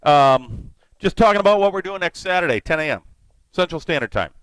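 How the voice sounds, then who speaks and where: A man's voice: on the high side, animated, a little fast, fairly bright tone, smooth, no echo, rough recording. A middle-aged man chatting casually while he cooks on a live stream, rambling and greeting viewers by name. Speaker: live-stream cooking host.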